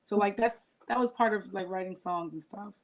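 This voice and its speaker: A woman's voice: medium pitch, a little fast. A woman being interviewed as a singer and poet, talking casually and filling her speech with "like". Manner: chatty, filler-heavy with frequent "like".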